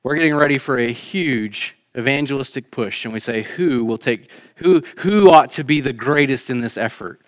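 A man preaching a sermon in a church, shifting between emphatic raised lines and quiet, conversational asides. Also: mid-range voice, moderate pace, hardly any pauses. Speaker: pastor. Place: church sanctuary.

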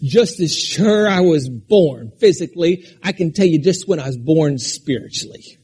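A man from Alaska delivers a sermon in a high, husky voice. He jumps from loud, forceful proclamations to soft, personal asides aimed at one person in the pews. The rhythm is pastoral and unpredictable. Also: expressive, moderate pace. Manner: preaching with sudden shouts and drops to a quiet conversational tone.

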